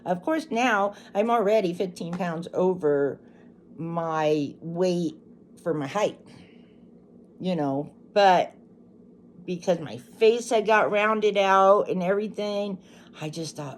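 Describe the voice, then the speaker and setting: A woman's voice: fairly low pitch, slow. Middle-aged woman just chatting to camera, rambly, lots of restarts, bit of hiss behind her. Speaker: channel host. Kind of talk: casual personal storytelling.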